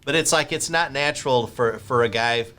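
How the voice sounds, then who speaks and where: A man hosts a podcast interview over a remote call. His voice is bright and forward, at a middle pitch. He rambles warmly into tangents and animated asides. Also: moderate pace. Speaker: podcast host. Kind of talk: interview chat.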